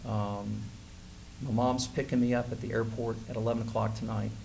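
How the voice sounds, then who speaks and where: A man in his forties giving a conference keynote, telling a personal story with lively, acted-out dialogue. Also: lowish voice, normal speed, vocal fry, slight background noise. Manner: animated storyteller who acts out quoted dialogue. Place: conference hall stage.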